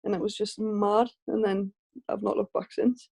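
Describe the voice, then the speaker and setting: A woman's voice: mid-range voice, level tone, normal speed, gravelly, warm tone. A woman with a Geordie accent, a professional boxer, telling stories in a casual interview over a video call with lots of restarts. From Northeast England. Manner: chatty storytelling with frequent restarts and laughs.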